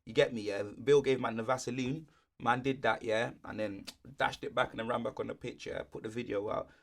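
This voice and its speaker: A young man talks at an ordinary, middling pitch. He co-hosts a podcast in a loose, conversational way, dropping street slang into almost every sentence. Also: fairly even intonation, fairly quick, vocal fry. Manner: laid-back, heavy street slang. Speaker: podcast co-host. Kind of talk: casual chat.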